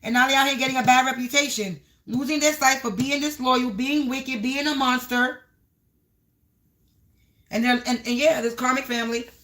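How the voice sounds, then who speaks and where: A woman's voice: sits high, fairly even intonation, normal speed, a bit bright. A woman giving a livestream tarot reading, speaking in repetitive, half-rhyming phrases and addressing viewers as the collective. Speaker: tarot card reader.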